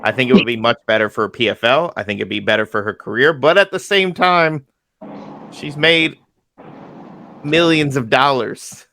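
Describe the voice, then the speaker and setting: A man hosting an interview podcast, chatty and quick to laugh. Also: medium pitch, bright, forceful tone. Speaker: podcast host, MMA journalist. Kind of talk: casual interview chat.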